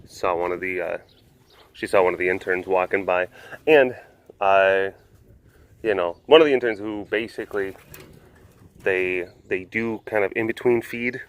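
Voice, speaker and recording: A man hosting a casual vlog outdoors at an animal compound, rambling playfully with lots of fillers and cooing softly at the animals. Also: low-pitched, fairly even intonation, moderate pace, pauses often. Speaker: host.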